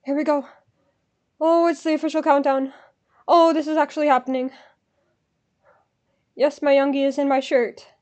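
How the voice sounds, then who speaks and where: A woman's voice: sits high, flat delivery, normal speed, long pauses, a little mellow. A woman vlogging as she waits to buy concert tickets, anxiously repeating herself and dropping to mutters and whispers. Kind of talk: nervous live commentary.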